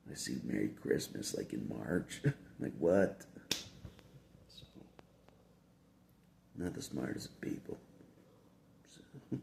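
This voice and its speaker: A low-voiced man speaks in a heavily gravelly, dark tone, chuckling between his insistent, repetitive phrases. His casual rambling monologue to camera is recorded in an echoey room with a faint background hum. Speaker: video blogger.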